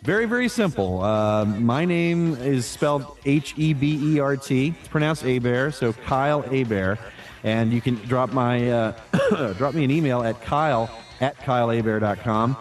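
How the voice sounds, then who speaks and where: A man who does voice acting chats easily through an interview at medium pitch and normal speed. He fills his answers with fillers and frequently starts over.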